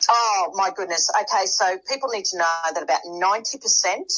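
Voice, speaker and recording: A woman's voice: medium pitch, brisk, a bit bright, slightly rough, poor audio. A woman guest telling a dramatic story in casual conversation, acting out quoted dialogue.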